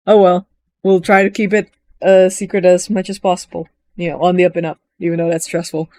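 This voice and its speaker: Chatty woman rambling through a game recap. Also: on the low side. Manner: chatty, rambling, animated, acts out characters' lines in quick put-on voices. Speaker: gaming vlogger.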